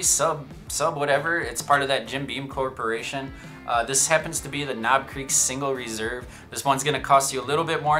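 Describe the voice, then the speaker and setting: A man with a medium-pitched, bright and forceful voice gives a casual whiskey tasting review into a shotgun microphone. He's chatty and amused by himself, tossing in joking asides.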